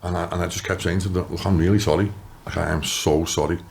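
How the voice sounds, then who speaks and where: Man, Liverpool accent, deep voice, thirties, casual storytelling, swears, slight background hum. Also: fast, gravelly. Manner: animated, swears, acts out quotes. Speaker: podcast guest, ex-soldier.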